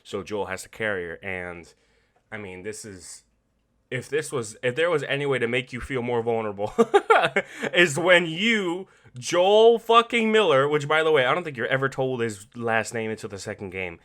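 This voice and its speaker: A man hosting a podcast, casually recapping a game late at night, animated and profane, laughing often. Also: medium pitch, moderate pace. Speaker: podcast host.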